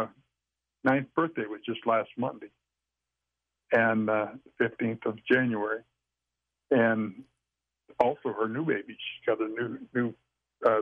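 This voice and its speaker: A man's voice: mid-range voice, steady tone, no room sound. Older man on a tinny phone line. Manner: rambling, folksy, halting with restarts. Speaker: podcast guest sharing Sasquatch experiences. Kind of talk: casual storytelling chat.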